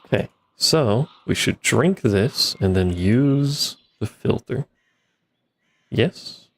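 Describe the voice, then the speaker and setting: A streamer playing a modded block-building game talks slowly into a desk microphone, his medium-pitched voice lively in intonation. His commentary is casual and rambling, dotted with wry asides to himself.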